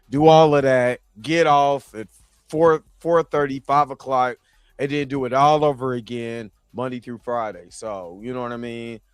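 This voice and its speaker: A man's voice: medium pitch, clean tone, dry recording. A man hosting a live stream, chatting casually and with animation straight to his viewers. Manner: animated, talks straight to the chat.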